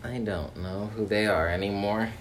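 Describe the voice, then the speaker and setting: A podcast co-host in casual chat, animated and teasing, sometimes slipping into a put-on accent for fun. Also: sits low, normal speed, a little hiss or hum.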